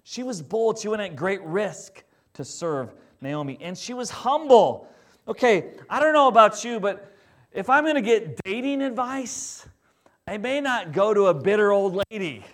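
Pastor, male, conversational and animated sermon delivery, slightly higher voice. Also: a little slow.

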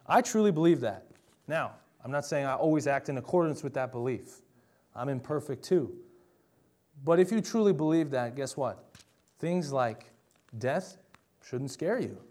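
A man's voice: medium pitch, lively intonation, moderate pace, a little mellow. A young adult man preaching a sermon in a conversational, emphatic way, often asking the listeners rhetorical questions.

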